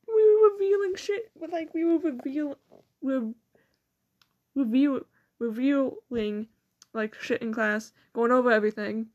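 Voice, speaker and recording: A high-voiced teenage girl recounts classroom stories in loose, casual chat. She giggles through her sentences, swears casually and slips into animated voices when she quotes classmates and teachers. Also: a little slow. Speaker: student. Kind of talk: casual storytelling.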